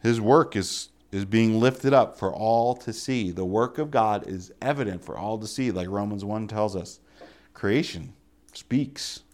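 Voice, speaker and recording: A man preaching a casual sermon, full of rhetorical questions and offhand jokes, swinging between loud emphatic lines and quiet asides. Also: lowish voice, unhurried.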